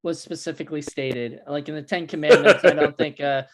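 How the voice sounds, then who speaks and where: A man's voice: fairly high pitch, steady tone, fairly quick. A man co-hosting a podcast, chatting casually with a hesitant, filler-heavy delivery and dry jokes. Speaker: podcast co-host. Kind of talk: casual chat.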